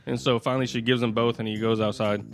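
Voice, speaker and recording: A man's voice: medium pitch, little pitch movement, fast, soft background music. Rambling man telling a story. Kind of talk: casual chat.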